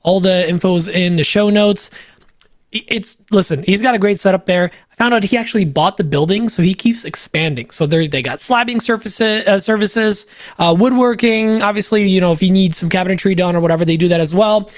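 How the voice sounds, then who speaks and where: A man's voice: sits high, a little fast, no echo, studio quality. A man co-hosting a podcast, reading sponsor spots in an upbeat, joking way, loose with fillers; a native Polish speaker. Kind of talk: casual ad read on a podcast.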